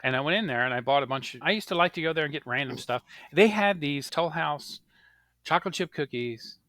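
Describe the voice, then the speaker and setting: A man's voice: fairly high pitch, a little fast, dry recording. A man in his thirties co-hosting a podcast, telling stories in casual chat and acting out the voices of people in them. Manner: animated storyteller, acts out quoted voices. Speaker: podcast co-host.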